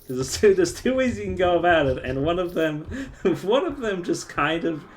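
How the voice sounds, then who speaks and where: A man's voice: sits high, very animated, moderate pace, slight background noise. A man streaming live, chatting casually, often breaking into laughter and restarting his sentences.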